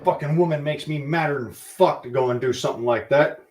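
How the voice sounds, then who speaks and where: Furious high-voiced man ranting. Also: a little fast, darkish tone. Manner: profane, heated ranting. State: angry, worked up. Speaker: livestream host. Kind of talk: angry political rant.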